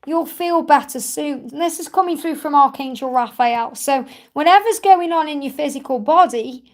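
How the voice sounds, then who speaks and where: A woman with a fairly high voice hosts a live stream, turning cards and reading them for her viewers. She speaks in a soothing, reassuring way, often checking in with a gentle "okay?" as she explains. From England. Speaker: tarot reader hosting a live Q&A.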